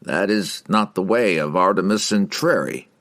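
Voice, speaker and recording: A man's voice: low voice, normal speed, fairly bright tone. A man reading the part of a wry wizard who speaks from a crystal ball, eager to serve.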